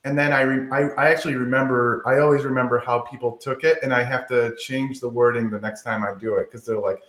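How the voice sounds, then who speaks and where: A man's voice: medium pitch, steady tone, a bit bright. Laid-back doctor guy on a podcast, jokes at himself, echoey room sound. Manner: laid-back, self-deprecating, quick to laugh. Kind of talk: casual podcast interview. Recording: roomy echo.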